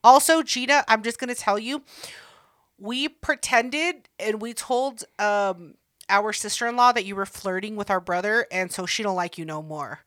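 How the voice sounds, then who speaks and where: Bright, brash young woman, cursing freely. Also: medium pitch, normal speed, no echo, studio quality. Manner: profane, teasing, acts out quotes. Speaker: podcast co-host. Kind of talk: casual chat.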